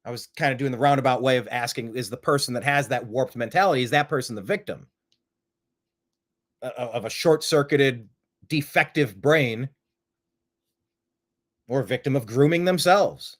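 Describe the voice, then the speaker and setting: A man's voice: mid-range voice, normal speed, long pauses. A man hosting a live-streamed talk show, rambling through opinionated commentary and throwing out rhetorical questions. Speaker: host.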